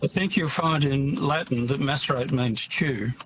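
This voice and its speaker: A man calling in to a radio show, rambling and halting. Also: mid-range voice, a little hiss or hum, rough recording. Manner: rambling, halting, repeats words. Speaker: caller. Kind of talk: casual call-in chat.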